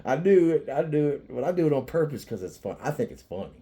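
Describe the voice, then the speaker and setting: Rambling, profane man with a mellow voice. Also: on the high side, sing-song, fast talker. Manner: profane, joking, often laughing while talking; rambling with frequent restarts and fillers. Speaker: vlogger. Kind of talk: casual rambling monologue.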